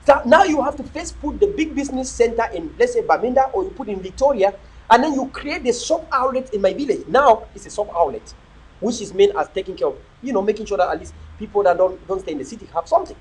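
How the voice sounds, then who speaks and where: This motivational speaker, who has a Cameroonian English accent, talks fast in a high-pitched, expressive voice with a breathy edge. He chats casually with livestream viewers and repeats words for emphasis. He's outdoors, turning his own phone camera, and the recording is rough.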